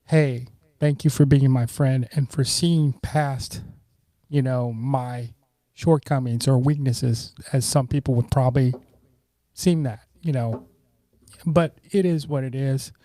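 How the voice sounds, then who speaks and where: A middle-aged man, a podcast guest, telling relaxed personal stories and acting out what friends said. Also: medium pitch, takes it slowly, dry recording. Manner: relaxed, warm, acts out quoted friends. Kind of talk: casual storytelling.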